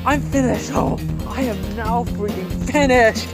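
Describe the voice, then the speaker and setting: Winded vlogger hurrying home outside at night, keeps yelling to the viewers, music blaring over it. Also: medium pitch, a little slow. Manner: excitable, keeps exclaiming and talking to viewers. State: out of breath. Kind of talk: excited walking vlog commentary. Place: outdoors at night, walking home by a road. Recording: loud music playing behind.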